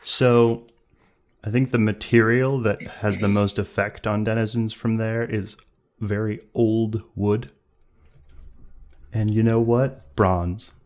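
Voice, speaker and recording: A man's voice: fairly low pitch, steady tone, takes it slowly, darkish tone. Playful man running a tabletop game. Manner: playful, teasing. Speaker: game master.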